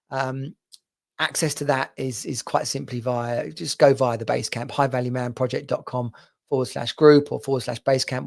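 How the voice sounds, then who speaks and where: A man's voice: mid-range voice, a little mellow. A man speaking in a middle-range voice, coaching his listeners through a motivational podcast monologue. His delivery is earnest and direct, and he speaks straight to them as a men's coach would.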